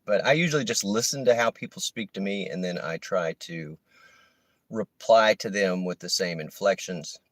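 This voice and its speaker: A man's voice: low voice, normal speed, dry recording. A man, chatting casually to viewers while he drives for a rideshare app. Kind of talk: casual live-stream chat. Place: in a car. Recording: noisy car interior.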